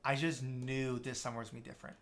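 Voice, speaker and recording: A man's voice: mid-range voice, little pitch movement, fast talker, a bit bright. A young man, a podcast guest, telling a long story in casual chat, with many restarts, and acting out what other people said. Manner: rambling, many restarts, acts out quoted people.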